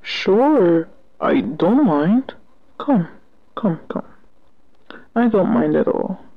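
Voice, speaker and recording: Girl doing a low soft-spoken caring guy, whispered role-play, slow and hushed, dull lo-fi dry sound. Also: sing-song, full character voice. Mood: gentle. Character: gentle caring young man comforting listener.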